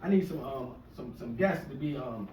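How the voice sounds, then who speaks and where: A man's voice: mid-range voice, animated, normal speed, darkish tone. Profane, rambling stand-up comedian in his forties. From US East Coast shore area. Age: 40s. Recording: echoey room, mic from a distance, faint noise.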